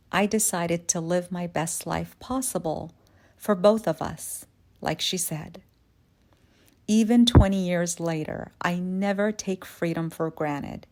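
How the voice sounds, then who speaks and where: Woman from Yemen, forties, podcast host, personal storytelling, reflective, slow. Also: fairly low pitch, darkish tone. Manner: reflective, measured narration.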